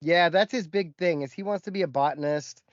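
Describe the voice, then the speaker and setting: Male podcast co-host, animated storyteller, slightly high voice, dry lo-fi sound. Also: brisk, no room sound. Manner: animated storyteller, acts out quotes. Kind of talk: casual storytelling chat.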